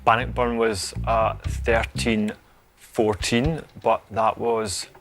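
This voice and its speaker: A man on a quiz panel works back through dates in a measured, methodical way. His voice is somewhat low. Faint music plays under him. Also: level tone. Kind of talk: reasoning aloud on a quiz.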